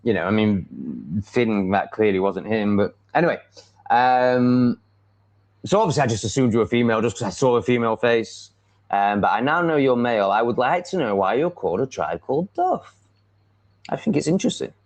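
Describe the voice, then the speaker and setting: A man's voice: mid-range voice, lively intonation, moderate pace. A man with an English accent hosting a casual live stream, rambling bluntly and confidently with plenty of ums and likes. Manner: rambling, blunt and self-assured, with many fillers. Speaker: livestream host. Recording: dull lo-fi stream audio.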